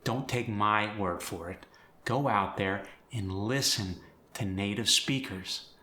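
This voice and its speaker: Slow-talking man teaching accents. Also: fairly low pitch, bright, forceful tone, reverberant. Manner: demonstrates sounds by contrasting words. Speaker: accent coach. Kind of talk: accent tutorial.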